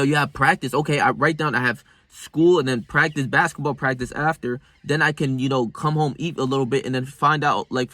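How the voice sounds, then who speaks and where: A young man, talking casually and rambling about his daily routine, swearing freely, with sudden bursts of loud excitement. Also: medium pitch, dry recording. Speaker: self-improvement vlogger. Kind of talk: casual motivational monologue.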